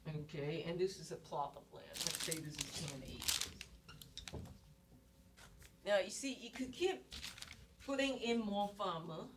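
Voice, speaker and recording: A woman instructor with a lowish voice gives an economics lecture in class, unhurried and pausing often as she explains things step by step and poses rhetorical questions. The mic is distant, picking up noise and clicks.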